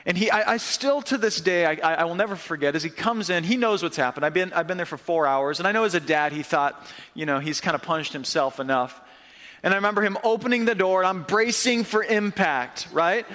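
A young man from upstate New York giving a sermon, telling a story in a lively, conversational way. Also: sits high, brisk, in a large hall. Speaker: pastor. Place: church hall.

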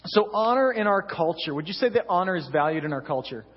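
A man's voice: high-pitched, animated, fast, husky. A young man, a senior pastor, preaching a sermon in a church in a conversational storytelling way, often adding "you know". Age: young adult. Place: church sanctuary. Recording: distant echoey hall, dull lo-fi sound.

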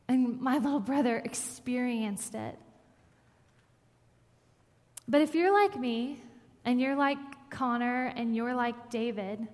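A woman's voice: high-pitched, a little mellow. A woman preaching a sermon, telling a personal story in an earnest way that builds to emphatic scripture reading. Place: church sanctuary. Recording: long hall reverb.

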